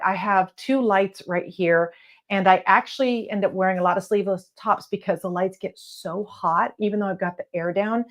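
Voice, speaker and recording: A woman talking casually to camera from her office as a coach, blunt and encouraging, with some letters not said crisply. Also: mid-range voice. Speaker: real estate video coach. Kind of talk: casual advice talk to camera. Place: home office lit by lamps.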